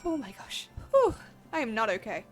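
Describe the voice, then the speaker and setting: A young woman streaming a game in casual, excitable chat, often swearing and laughing. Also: fairly high pitch, normal speed, faint music behind.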